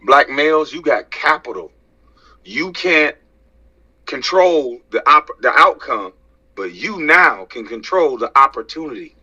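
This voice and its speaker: A man's voice: medium pitch, lively intonation, a little slow, bright, forceful tone, husky. Man in a tense, profane rant. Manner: profane, preachy, fires rhetorical questions. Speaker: social media commentator. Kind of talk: heated rant to camera. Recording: dull lo-fi sound.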